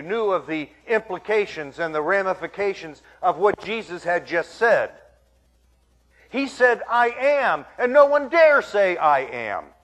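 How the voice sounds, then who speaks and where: A man delivers a sermon, working through scripture and dramatically voicing what the crowd must be thinking. His voice is a little high and slightly bright.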